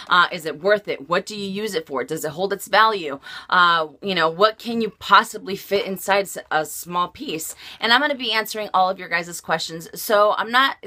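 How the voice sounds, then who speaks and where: A woman vlogger with a sore throat, chatting casually about a handbag she owns and filling pauses with lots of "uh"s. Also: mid-range voice, bright, forceful tone. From United States. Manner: chatty, many "uh" fillers. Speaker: beauty and fashion vlogger. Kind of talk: casual product review to camera.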